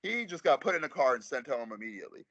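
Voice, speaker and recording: Male rapper guest, quick and slangy, rambling storyteller, mid-pitched, dry muffled call audio. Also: sing-song, fairly bright tone, dry recording. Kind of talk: casual storytelling in an interview.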